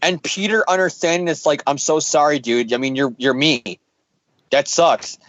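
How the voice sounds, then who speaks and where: A man's voice: fairly high pitch, normal speed, fairly bright tone, dry recording, highs cut off. A man casually recapping a comic book story, rambling and joking while acting out the characters' lines. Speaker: podcast host.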